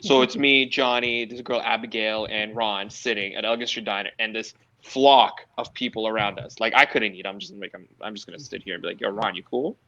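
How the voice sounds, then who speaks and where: A man's voice: lowish voice, a little fast, few pauses, pushed and bright. A man, a guest DJ, telling loose, profane stories with laughs in a casual podcast interview. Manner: laid-back, profane, laughing storyteller. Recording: slightly dull lo-fi sound.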